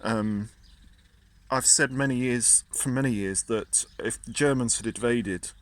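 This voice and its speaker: A man's voice: medium pitch, unhurried. A man, ranting casually and indignantly, often stumbling and repeating words. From Britain. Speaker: vlogger. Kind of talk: casual political rant.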